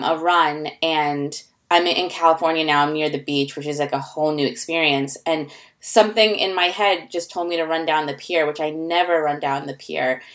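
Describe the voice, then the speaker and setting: A woman's voice: deep voice, a bit bright. Woman co-host in upbeat casual chat. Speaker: podcast co-host.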